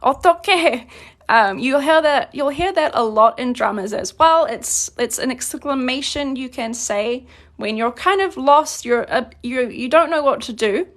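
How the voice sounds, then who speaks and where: A woman's voice: high voice, a little slow, a bit bright. A young woman teaching a casual Korean grammar lesson, reading out example questions and explaining them in English with plenty of fillers. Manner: explains plainly with many fillers, reads Korean examples then translates.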